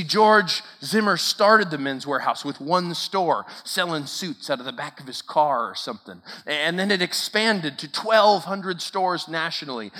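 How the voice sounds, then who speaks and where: Man speaker, high bright voice, unhurried, emphatic sermon, hall echo. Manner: emphatic, storytelling, rising to forceful declarations. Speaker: camp speaker. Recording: long hall reverb.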